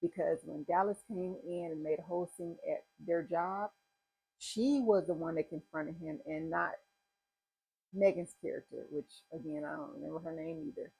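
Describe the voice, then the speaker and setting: A woman's voice: sits low, steady tone, normal speed, gravelly, warm tone, breathy edge, rough recording. A woman vlogger giving a rambling, chatty movie review in a casual talking style. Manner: chatty, rambling retelling with asides. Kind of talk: casual chat.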